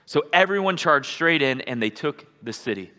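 Bright-voiced man preaching in a reverberant hall. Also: on the high side, animated, moderate pace. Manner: conversational, asks "right?" often, bursts into shouts. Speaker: pastor. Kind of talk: sermon. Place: church sanctuary. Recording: live church hall with long reverb.

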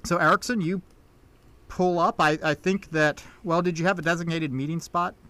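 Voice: mid-range voice, moderate pace. Game master narrating a tabletop game. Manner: relaxed, descriptive narration with fillers.

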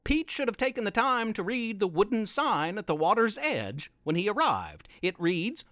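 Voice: medium pitch, moderate pace, hardly any pauses, no room sound, clean studio sound. A storyteller host reading a playful scripted children's story aloud. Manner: playful, expressive read-aloud.

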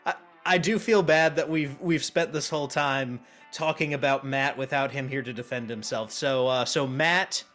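Guy hosting a podcast, chatty and loose, lots of restarts, soft guitar music under it. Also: mid-range voice, normal speed, hardly any pauses. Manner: chatty, with frequent restarts and fillers. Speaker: podcast host. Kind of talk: casual chat.

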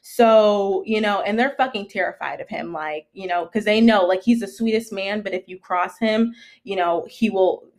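A young woman with a medium-pitched voice talks at normal speed while co-hosting a podcast. Animated and profane, she tells a story in casual chat, quoting its people in shifting voices.

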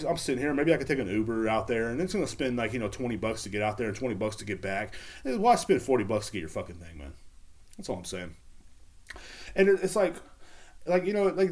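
A man venting on a solo podcast from his house, rambling and cursing in an exasperated way. His voice sits at an ordinary middle pitch but jumps around a lot, rising high when he gets worked up. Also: very animated, fast talker. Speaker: podcast host. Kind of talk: casual solo rant. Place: at home.

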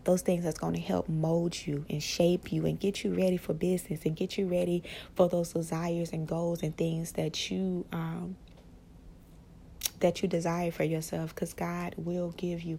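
A woman hosting a casual spiritual podcast, speaking softly and often slipping into a whisper, rambling with restarts. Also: fairly low pitch, level tone, measured pace, vocal fry, a little hiss or hum. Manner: soft-spoken, often drifting into a whisper. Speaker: podcast host.

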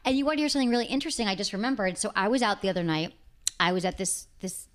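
Fast, lively woman podcast host. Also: medium pitch. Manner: animated, chatty storyteller. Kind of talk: casual podcast chat.

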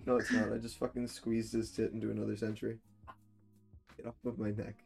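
A man co-hosting a casual podcast, joking crudely and breaking into sudden loud bursts. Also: lowish voice, completely flat delivery, fairly quick, creaky, soft background music. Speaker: podcast co-host. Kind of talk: casual chat.

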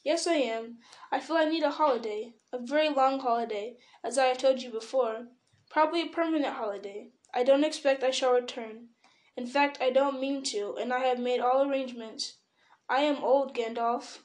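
A woman's voice: high voice, normal speed, lightly acted. A woman reading old hobbit Bilbo, fretful and stubborn. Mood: weary. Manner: fretful, turns sharp and defensive. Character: elderly male hobbit, fussy, stubborn, possessive.

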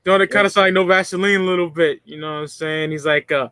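Higher-pitched man, enthusiastic and sweary. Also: little pitch movement, fast, sharp tone, smooth, dry recording. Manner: enthusiastic, profane, laughs often. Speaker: podcast co-host. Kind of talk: casual chat.

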